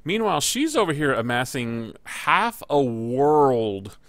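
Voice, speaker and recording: A man's voice: medium pitch, no room sound. A man co-hosting a casual show, joking easily and stumbling over his words now and then. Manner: relaxed and joking, with halting restarts. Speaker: co-host. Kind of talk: casual recap chat.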